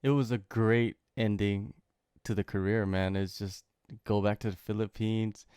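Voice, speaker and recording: A man's voice: on the low side, steady tone, unhurried, darkish tone, smooth, no room sound, clean studio sound. A man hosting a podcast interview, chatting casually with his guest. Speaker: podcast host.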